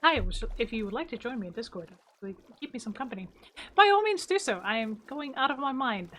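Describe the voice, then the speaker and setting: A woman streaming a game casually, giggling often, swearing freely and breaking into loud exclamations. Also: a little high, big pitch swings, fast. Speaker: livestreamer.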